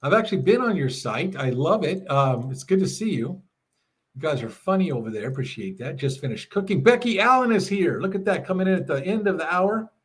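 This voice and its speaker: Middle-aged guy hosting a live stream, husky voice, kinda high for a man, reads chat and laughs a lot. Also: big pitch swings, a little fast. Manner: chatty, laughs often, reads chat aloud. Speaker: livestream host. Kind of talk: casual live chat reading. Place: home RV.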